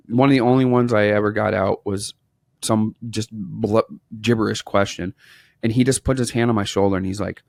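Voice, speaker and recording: A man in his thirties from Wisconsin, a business owner talking as a podcast guest, telling animated stories and acting out the dialogue. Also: lowish voice, quick pace, vocal fry, no echo, studio quality. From Wisconsin, USA. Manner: animated storyteller, acts out quoted dialogue. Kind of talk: casual interview storytelling.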